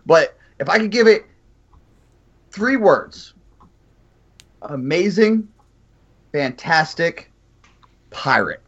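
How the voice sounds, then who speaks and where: A man's voice: fairly high pitch, animated, very slow, pauses often, breathy edge, lo-fi sound. A man guesting on a casual podcast, introducing himself in an easygoing, jokey way. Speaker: podcast guest and co-host of another podcast.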